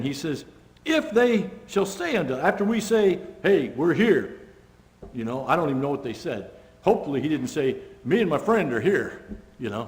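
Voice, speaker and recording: A man preaching a sermon, telling the story with lively character voices and casual conversational asides. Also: mid-range voice. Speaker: pastor. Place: church sanctuary. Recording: long church-hall reverb.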